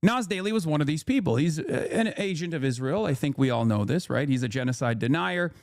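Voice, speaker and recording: Animated, profane male streamer, lively pitch. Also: brisk, no echo, clean studio sound. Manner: profane, animated, indignant storytelling. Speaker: political streamer. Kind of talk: heated commentary.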